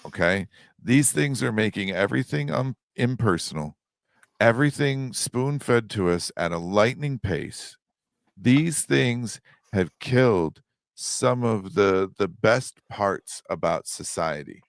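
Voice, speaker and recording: A man with a low, gravelly voice talks as a podcast guest, unhurried and reflective and swearing now and then. The sound is dry and close. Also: lively intonation, no echo. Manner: reflective, salty, profane. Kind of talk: casual interview.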